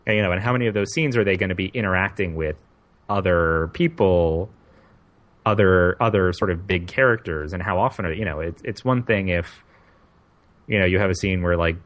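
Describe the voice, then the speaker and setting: A man with a very deep voice co-hosts a relaxed podcast conversation. He thinks aloud, circling back and restarting phrases as he builds his point. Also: a little fast. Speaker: podcast co-host. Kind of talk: casual chat.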